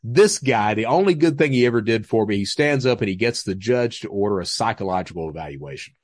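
A man's voice: on the low side, lively intonation, fairly quick, no room sound. A man guest telling his story in a casual, profane, laughing way. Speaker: interview guest.

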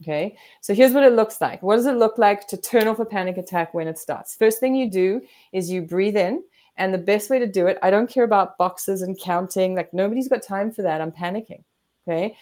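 A woman guest therapist explaining coping techniques in an animated way, acting out what her body and brain say. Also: mid-range voice, fairly quick. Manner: animated, demonstrates breathing and acts out inner voices.

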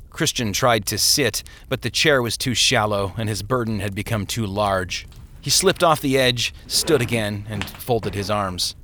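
A man's voice: lowish voice, measured pace, pushed and bright. A man narrating a story as an audiobook, telling it expressively.

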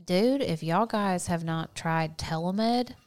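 A woman tells stories in a casual chat, her voice sitting a little low. She is animated and laughs readily, dropping the odd swear word. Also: takes it slowly. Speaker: podcast co-host.

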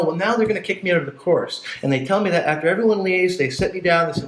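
A man telling his life story in a casual chat, blunt and profane, getting animated when he retells scenes. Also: high-pitched, fast, hardly any pauses, reverberant, slight background noise, poor audio.

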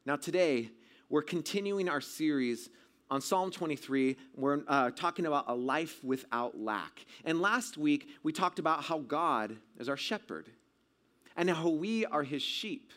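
A man's voice: on the high side, lively intonation, a little slow. Man telling a dramatic sermon story. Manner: dramatic, swinging from loud shouts to hushed tones. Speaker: pastor.

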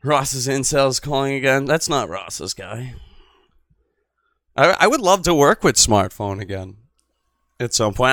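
Brief: brash male call-in host, bright forceful voice, profane rambling delivery, dry close sound. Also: mid-range voice, animated, measured pace, no room sound. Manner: rambling, profane, swings from mutter to loud. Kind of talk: profane casual call-in show.

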